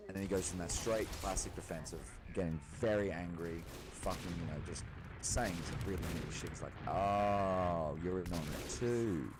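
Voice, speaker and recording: A young man with a low-pitched voice and fairly even intonation rants fairly quickly in a casual monologue. He is agitated and rambling, swearing a lot and restarting his sentences with many fillers, over loud background noise.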